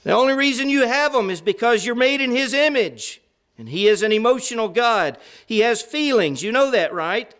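A man's voice: very high-pitched, expressive, moderate pace, a bit bright. A middle-aged man preaching a sermon in an earnest, conversational way, stressing points through repetition.

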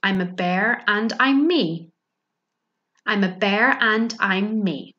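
A woman's voice: mid-range voice, slow, bright, forceful tone, lo-fi sound. A woman voicing a childlike, eager little bear who is easily upset, in a children's storybook reading. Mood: proud. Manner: childlike and pleading.

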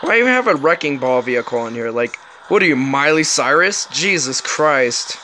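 A man doing let's play commentary, excitable and joking, swearing often. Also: mid-range voice, fairly quick, slight background noise. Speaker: gaming commentator.

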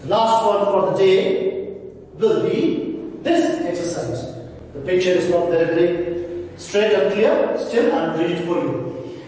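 A high-pitched man teaches a grammar lesson, posing questions and answering them himself in a patient singsong. He talks slowly and is heard from a distance in a very echoey room with a long reverb. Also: a little mellow, a little hiss or hum. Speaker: school English teacher. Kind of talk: recorded grammar lesson for class.

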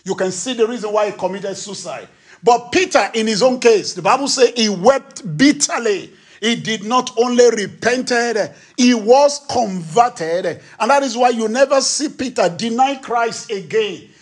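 A male preacher delivering a sermon, emphatic, asking rhetorical questions and acting out quotes. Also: extremely high pitch.

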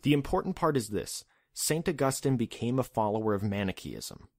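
A man's voice: medium pitch, expressive, moderate pace, darkish tone, no echo, clean studio sound. A man hosting a podcast, narrating a script in a casual, wry, conversational way. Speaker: podcast host.

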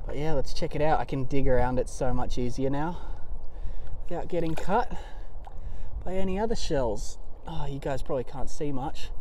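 A man's voice: fairly high pitch, moderate pace, a little hiss or hum. A young Australian man vlogging on a beach while collecting shells, talking casually and marvelling at his finds. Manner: excitable, marvelling, exclamatory. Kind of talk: casual vlog narration. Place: outdoor beach shoreline.

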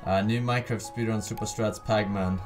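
A man's voice: lowish voice, steady tone, moderate pace, darkish tone, soft background music. A man streaming and commenting casually, offhand and drawling, with frequent swearing.

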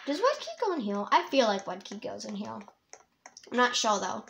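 A woman giving rambling, excitable let's-play commentary as a young YouTuber, laughing often. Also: a little high, moderate pace, vocal fry, a little hiss or hum. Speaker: gamer and YouTuber.

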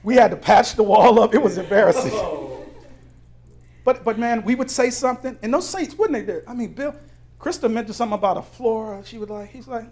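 A pastor with a high-pitched voice delivers a conversational sermon in a church, tossing questions at the congregation and breaking into laughter as he tells stories on himself. He moves between quiet, low asides and loud, excited bursts. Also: a little fast. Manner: conversational preaching with call-and-response questions and laughing anecdotes. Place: church sanctuary.

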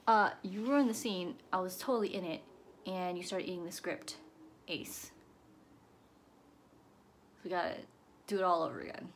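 A woman's voice: fairly low pitch, normal speed, long pauses, roomy sound, a little hiss or hum. A young woman directing and acting in a film in a small apartment, chatting casually between takes and laughing at herself, recorded on a phone camera. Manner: giggly, self-deprecating asides. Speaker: actress and director. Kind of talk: casual behind-the-scenes chat.

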